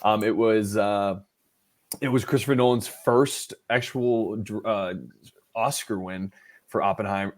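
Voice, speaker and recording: A man co-hosting a podcast in casual chat, retelling events in an animated way and acting out what people said. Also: on the low side. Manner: animated storytelling, acting out quotes. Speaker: podcast co-host.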